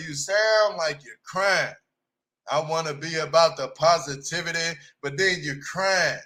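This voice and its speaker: Guy ranting about a reality show, high bright voice, blunt slangy trash talk, loud then mumbly. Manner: swings loud and quiet, mock-imitates cast members. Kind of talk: casual reaction commentary.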